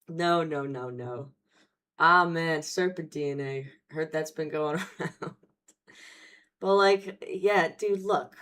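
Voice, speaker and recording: A woman's voice: low-pitched, slow pace, a bit bright. A woman hosting casual commentary, talking in a blunt, profane and sarcastic way. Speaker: host.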